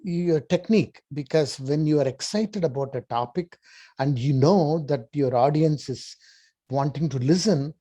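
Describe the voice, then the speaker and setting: A man adding comments in a group training session, speaking haltingly with frequent pauses. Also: a little high, dark tone. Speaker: meeting participant.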